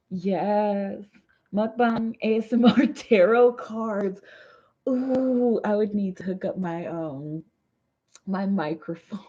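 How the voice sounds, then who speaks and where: A slightly tipsy woman in her thirties chats loosely on a livestream, laughing between slangy, laid-back remarks as a tarot reader. Her voice is mellow and relaxed, and the audio comes through a little dull. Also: medium pitch. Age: 30s. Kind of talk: casual livestream chat.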